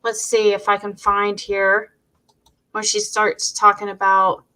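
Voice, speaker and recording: A woman's voice: mid-range voice, completely flat delivery, a little slow, sharp tone. A woman hosting a casual commentary, talking loosely with restarts between the clips she plays. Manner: rambling, many restarts, speeds up in asides. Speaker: true-crime commentary host.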